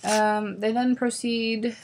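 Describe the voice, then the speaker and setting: A woman's voice: a little high, little pitch movement, slow, a little mellow, a little hiss or hum. A young woman vlogger reviewing a book in a casual, exasperated rant, sarcastic and full of swearing and "like" fillers.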